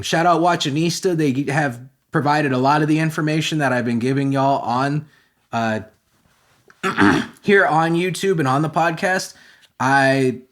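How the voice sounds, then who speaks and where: High-voiced man in a profane rant. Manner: profane, heated, sarcastic. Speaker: podcast host. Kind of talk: comedic rant.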